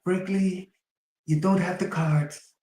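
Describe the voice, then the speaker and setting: A man doing an impression of a blustering older male politician, with repetitive, drawn-out phrasing. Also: sits high, steady tone, a little mellow, reverberant, voice pushed up. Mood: mocking.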